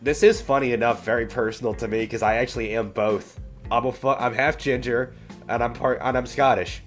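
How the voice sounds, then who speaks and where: A man chatting casually on a livestream, telling stories with halting restarts. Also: medium pitch, fairly even intonation, soft background music. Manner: rambling storyteller, halting restarts. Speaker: streamer.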